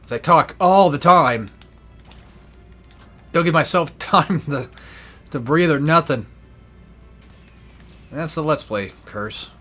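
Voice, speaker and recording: A man's voice: on the high side, expressive, slow, pauses often, fairly bright tone, faint music behind. A young man giving casual gameplay commentary, rambling and swearing freely with self-deprecating asides. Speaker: let's play gamer.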